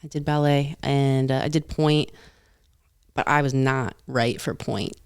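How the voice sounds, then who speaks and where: A young woman talks loosely as a guest on a podcast, circling her point with plenty of "like" and self-corrections. Her voice carries a gravelly, fried texture, and the sound is close and dry with little room around it. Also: extremely low pitch, steady tone, a little slow, darkish tone, no room sound. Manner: rambling, full of "like" and restarts. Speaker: stand-up comedian, podcast guest. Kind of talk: casual chat.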